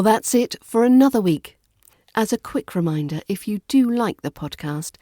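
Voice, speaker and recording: A British woman hosting a pronunciation lesson podcast, speaking clearly and slowing down to model words. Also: lowish voice, dark tone, no echo, studio quality. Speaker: podcast host and pronunciation teacher.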